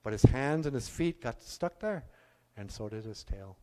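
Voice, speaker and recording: A male storyteller with a very animated, swooping voice, telling a folksy tale with chatty asides to a live audience. His voice rings out with a long reverb in an arts center hall. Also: mid-range voice, moderate pace.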